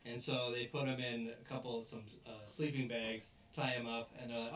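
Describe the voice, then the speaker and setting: A man's voice: medium pitch, little pitch movement, moderate pace, fairly bright tone. A man casually retelling an anime episode as a show host, rambling and briefly putting on character voices. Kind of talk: casual recap chat. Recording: roomy, distant mic with faint noise.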